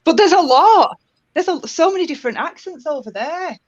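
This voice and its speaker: A woman's voice: very high voice, animated, fairly quick, darkish tone. Northern English woman, muffled audio. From Northern England. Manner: chatty, laughs often. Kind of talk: casual chat. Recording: dull lo-fi audio.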